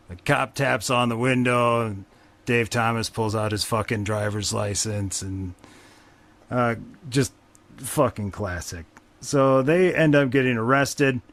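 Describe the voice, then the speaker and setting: A man hosting a podcast, casually recapping a movie plot in a wry, rambling way with frequent swearing. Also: mid-range voice. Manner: profane, wry, rambling with fillers. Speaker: podcast host.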